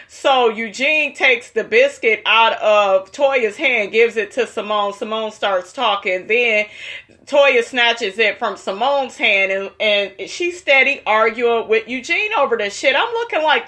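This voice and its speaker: A woman's voice: fairly high pitch, unhurried, sharp tone. A woman giving a sassy, profane gossip recap of a reality show in a casual, slangy way.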